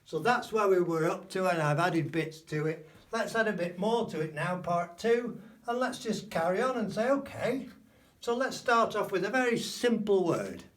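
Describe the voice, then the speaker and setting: A man giving a spoken language lesson, explaining slowly and repeating key words. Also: sits high, animated, far from the mic. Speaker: language teacher.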